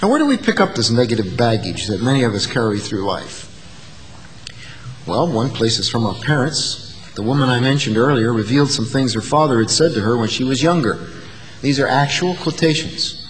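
Lively-pitched man preaching in a reverberant hall. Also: moderate pace. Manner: earnest, rising to emphatic peaks, acting out quoted insults. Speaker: pastor. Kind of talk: sermon.

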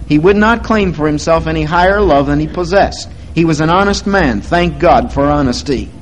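A man preaching a sermon, slow and deliberate, swelling louder on key words. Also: on the high side, expressive, a little hiss or hum, low-quality recording. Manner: slow, deliberate stress on words to teach them.

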